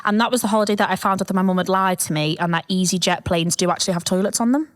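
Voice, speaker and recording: A woman's voice: medium pitch, fairly even intonation, rapid-fire. A woman, co-hosting a podcast and telling rambling, self-mocking stories with a lot of laughter. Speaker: podcast co-host. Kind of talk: casual comedic chat.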